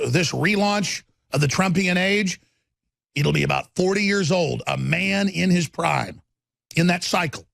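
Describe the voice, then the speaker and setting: Raspy fired-up radio host guy, kinda high voice, rambling rant into a dry studio mic. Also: fairly bright tone, no echo. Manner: rambling, impassioned ranting. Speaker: talk show host. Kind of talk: radio talk show monologue.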